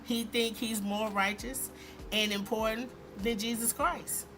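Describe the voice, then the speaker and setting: A woman hosting a commentary vlog, talking in an animated, emphatic and sarcastic way. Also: fairly high pitch, a little slow, music in the background. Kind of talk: opinionated commentary.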